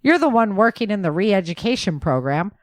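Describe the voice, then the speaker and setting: A woman's voice: mid-range voice, very animated, brisk, no room sound, clean studio sound, close to an everyday voice. A woman voicing a male soldier who teases and prods his friends. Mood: teasing. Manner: teasing, prodding. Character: teasing male soldier buddy.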